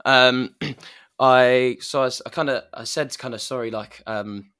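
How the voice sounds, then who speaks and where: A man's voice: medium pitch, fairly even intonation, a little slow, fairly bright tone, smooth. A man in casual chat, talking reflectively about personal growth, with many restarts and fillers.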